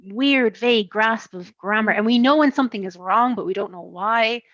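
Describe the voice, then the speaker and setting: A woman's voice: mid-range voice, normal speed, no room sound, muffled recording. A woman with an Irish accent from Waterford, an author chatting animatedly in a casual interview. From Ireland. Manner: animated, chatty, swears and laughs. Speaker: author guest.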